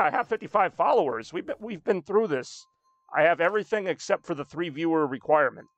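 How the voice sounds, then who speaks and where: A man's voice: fairly high pitch, creaky, dry recording, highs cut off. A man streaming a racing game, chatting casually with a rambling, self-deprecating, joking manner. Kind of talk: casual live-stream chat while playing.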